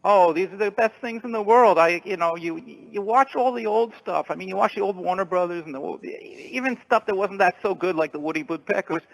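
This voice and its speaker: High, gravelly male caller. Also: rough recording. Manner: halting, repeats words, chatty. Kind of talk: casual call-in chat.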